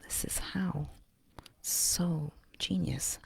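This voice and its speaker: Woman, low pitch, slow pace, casual vlog monologue, blunt, breathy whispers. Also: steady tone. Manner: often drops to a breathy whisper, blunt and profane. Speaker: vlogger.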